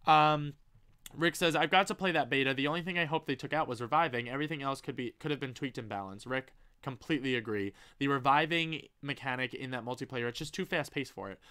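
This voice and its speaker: A young man hosts a casual live stream and reads viewer comments aloud. His voice is bright and forceful, and he talks in an excitable, gushing way, swearing freely. His pitch sits in the middle range. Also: fast talker, smooth.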